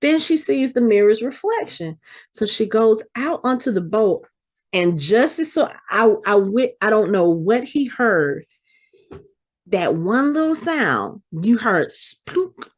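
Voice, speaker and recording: A woman's voice: on the high side, a little slow. A woman hosting a podcast, recapping a TV episode in casual chat and playfully acting out the characters' lines. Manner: animated storyteller who acts out the characters' lines. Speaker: podcast host.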